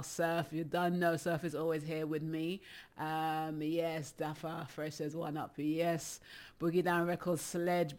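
Middle-aged DJ, chatty and a bit breathless, giving laughing livestream shout-outs at a middling pitch. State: slightly out of breath. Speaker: DJ hosting a live stream.

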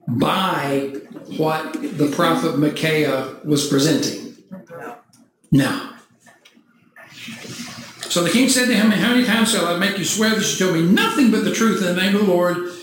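A man preaching a sermon, reading scripture aloud and breaking into animated, mock-cheering asides. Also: sits high. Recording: echoey church hall, faint noise.

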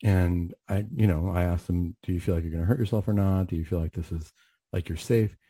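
A man's voice: low-pitched, fairly even intonation, a little fast, mellow, dry recording. A middle-aged man hosting a talk radio show, earnestly retelling a tense encounter with a patient, with frequent restarts. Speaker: radio show host and clinician.

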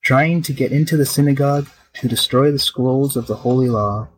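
A man reading a storybook, voicing a surly, menacing male wooden golem in a lower voice. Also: fairly quick, slight background noise, close to an everyday voice, low-quality recording.

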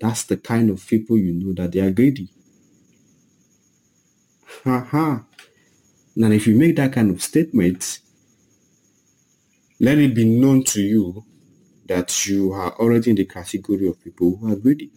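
A man preaching with an emphatic, dramatic delivery. He acts out quoted lines in a raised voice. His voice is mellow and a little husky. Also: fairly low pitch, moderate pace, long pauses, rough recording. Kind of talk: sermon.

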